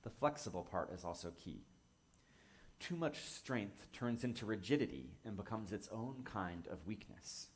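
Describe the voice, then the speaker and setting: Gentle, low-voiced male minister. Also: expressive. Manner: gentle, measured, reflective. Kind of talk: sermon.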